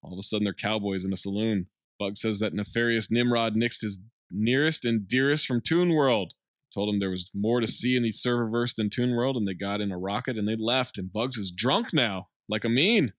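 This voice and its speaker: A man recaps a film scene by scene in an easy podcast chat. He slips in deadpan asides as he goes. The mic is close and dry. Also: on the low side, normal speed, no room sound. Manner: plot-summarizing, dry jokey asides. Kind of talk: casual movie recap podcast.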